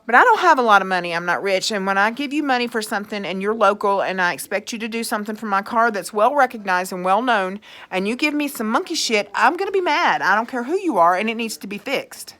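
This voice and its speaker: A woman's voice: mid-range voice, expressive, fast, hardly any pauses, fairly bright tone. A woman, ranting angrily in a vlog, swearing and sarcastic as she reads out her own texts. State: angry. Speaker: vlogger. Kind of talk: angry rant reading out texts.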